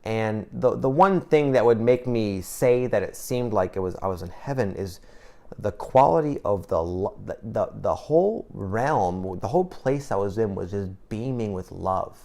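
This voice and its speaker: A man's voice: lowish voice, lively intonation, moderate pace, creaky, darkish tone. A man in his twenties telling a personal story to camera in a casual, emotional way, swearing freely and restarting his sentences. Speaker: vlogger.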